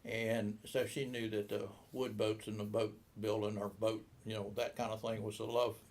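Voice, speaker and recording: Older man in his 70s, gravelly, rambling interview storyteller who voices the other people in his tales. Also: fairly low pitch, little pitch movement, normal speed, darkish tone. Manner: rambling anecdotal, acts out quoted dialogue. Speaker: boat shop owner.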